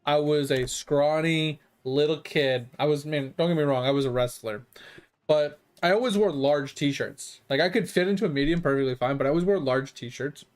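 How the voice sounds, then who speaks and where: A man's voice: on the high side, normal speed. Rambling, profane male streamer. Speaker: game streamer. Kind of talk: casual storytelling.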